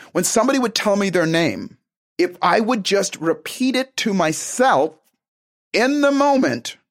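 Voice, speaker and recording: A man with a fairly high-pitched voice delivers a motivational self-help talk. He's emphatic and animated, acting out little conversations along the way.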